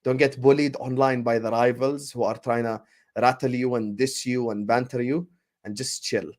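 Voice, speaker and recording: A man co-hosting a football fan livestream, reading super chats with slangy, animated banter. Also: mid-range voice, moderate pace. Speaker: football show co-host.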